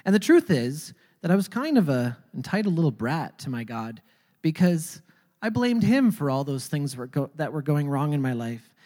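A speaker telling a personal faith testimony in a halting way, often repeating words before going on. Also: mid-range voice, sing-song, warm tone, in a large hall. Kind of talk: personal storytelling.

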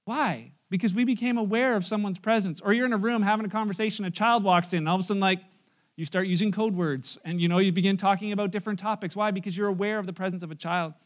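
High-voiced man preaching conversationally. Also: fairly even intonation, quick pace. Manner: conversational preaching with asides and humor. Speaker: pastor. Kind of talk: sermon.

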